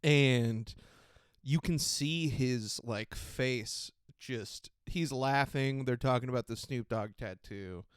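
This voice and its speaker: Podcast dude rambling and cracking up, smooth clear voice, dry close sound. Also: male voice, medium pitch, slow pace, no echo. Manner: giggly, profane, rambling with frequent laughter. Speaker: podcast host. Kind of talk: casual solo podcast chat.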